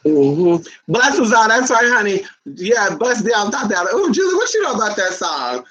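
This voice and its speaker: A woman's voice: medium pitch, very animated, moderate pace, fairly bright tone. Brief: chatty woman vlogger, playful and loose, mid-range voice, dull lo-fi audio. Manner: chatty, playful, calls viewers honey. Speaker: channel host. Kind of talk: casual live chat with viewers. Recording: dull lo-fi recording.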